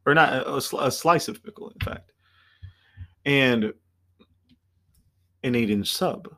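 A man podcast host telling a story in casual chat, animated, acting out customers and swearing freely. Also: medium pitch, measured pace.

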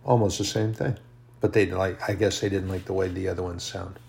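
A man's voice: deep voice, little pitch movement, fairly quick, gravelly, a little mellow. A man preaching a sermon in an earnest, emphatic way, rising and falling in volume.

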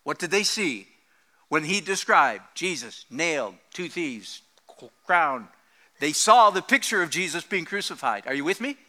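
A man preaching a sermon in an animated, joking way, laughing often at his own jokes. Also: a little high, measured pace. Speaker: pastor.

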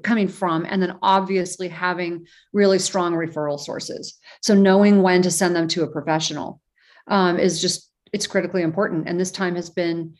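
A woman author as an interview guest, talking earnestly and reflectively, with many fillers and restarts. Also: on the low side. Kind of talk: casual interview talk.

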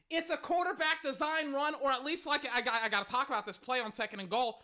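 An excitable fan commentator calling live football play-by-play, bursting out loudly on big plays and talking straight to listeners. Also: high-pitched. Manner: excitable, loud bursts, rapid asides to listeners.

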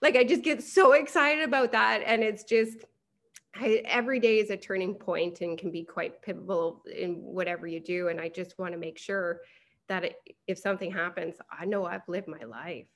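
A woman's voice: mid-range voice, fairly even intonation, normal speed. A woman, a guest on a podcast, chatting in a rambling way and laughing often. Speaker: podcast guest, hair removal business owner. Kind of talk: casual interview chat.

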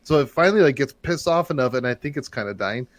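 Rambling, excitable male storyteller. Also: mid-range voice, fast, no room sound. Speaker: podcast host telling a story. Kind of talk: casual chat.

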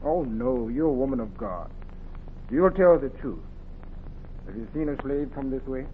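A man's voice: mid-range voice, lively intonation, normal speed, a little hiss or hum, lightly acted. A man playing an officious slave patrolman. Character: gruff slave patrol leader, polite but pushy. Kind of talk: 1950s radio drama acting. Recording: tinny old radio recording.

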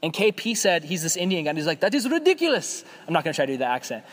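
A young adult man preaching a casual sermon as a youth pastor, conversational and animated, acting out quoted voices. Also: fairly high pitch, rapid-fire. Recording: long hall reverb.

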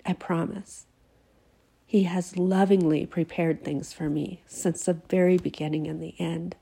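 A woman's voice: on the low side, steady tone, unhurried, gravelly, mellow, slightly rough. A woman giving an earnest devotional talk to her listeners while sick with a fever and teary, emphatic and sometimes dropping to a whisper. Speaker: Christian devotional host.

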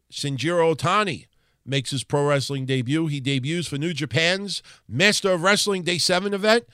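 A podcast host with a New York accent casually runs through wrestling history, rambling, restarting, and cursing freely. His voice is fairly high and a bit bright, recorded at studio quality with no echo.

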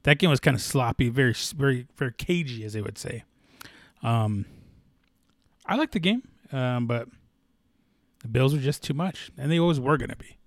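Casual young male sports host, rambling, profane, excitable, middle pitch, dry close sound. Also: normal speed, long pauses, dry recording.

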